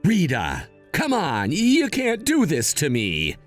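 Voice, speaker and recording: Young guy, whiny schemer, higher voice, bounces around a lot, light music under. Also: wildly swooping pitch, takes it slowly. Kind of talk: animated story voice acting.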